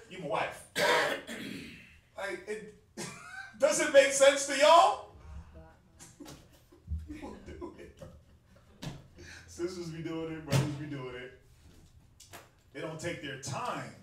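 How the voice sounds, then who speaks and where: A man's voice: fairly high pitch, fairly bright tone. A man with a Southern US accent teaching a religious class in a casual, joking, conversational way, laughing often and using slang. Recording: echoey room, mic far off, faint hiss.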